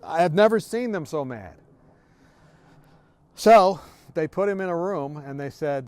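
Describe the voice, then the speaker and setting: A man giving an earnest devotional talk, telling a story from his workplace and often dropping to a hushed, quiet voice. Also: a little high, normal speed, dry recording. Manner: earnest, sinks to a hushed near-whisper. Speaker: devotional speaker.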